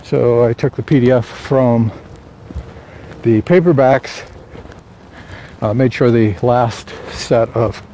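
Rambling man musing outdoors, mellow voice. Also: medium pitch, steady tone, takes it slowly, pauses often, slight background noise. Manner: rambling, musing, with frequent fillers and restarts. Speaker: author vlogging. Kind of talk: casual morning vlog.

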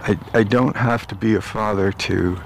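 A man's voice: on the low side, steady tone, slight background noise. A man rambling aloud in a meandering walk-and-talk monologue, outdoors on his way home through a park. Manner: meandering, musing aloud with pauses and restarts. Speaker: vlogger.

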